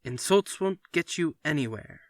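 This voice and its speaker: A man's voice: fairly high pitch, lively intonation, unhurried, no echo, studio quality, voice pushed up. A man voicing a stern father who firmly lays down the law in a story reading. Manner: firm, emphatic declarations. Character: stern father, uneasy then firm and forceful.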